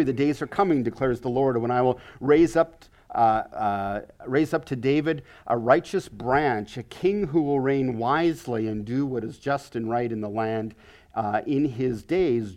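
A man's voice: mid-range voice, a little mellow. A man teaching a Bible lesson in an earnest way, often stammering and repeating words as he explains.

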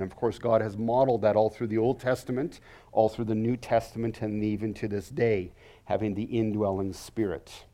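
A man's voice: fairly low pitch, dark tone. A man teaching a Bible lesson in an earnest way, often stammering and repeating words as he explains.

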